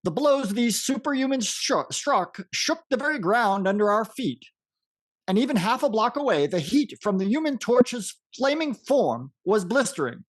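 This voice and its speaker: A man putting on the voice of a solemn 1940s wartime radio reporter, reading a broadcast in a formal, measured newsreel manner. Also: very high-pitched, very animated, heavily acted. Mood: solemn reporting. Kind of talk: 1940s radio announcer impression.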